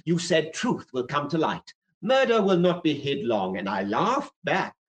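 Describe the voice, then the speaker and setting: A silky, taunting fire captain. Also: male voice, fairly high pitch, very animated, unhurried, poor audio. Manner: smooth, taunting, theatrical. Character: silky, mocking male fire captain who loves quotations. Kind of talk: vintage radio drama acting.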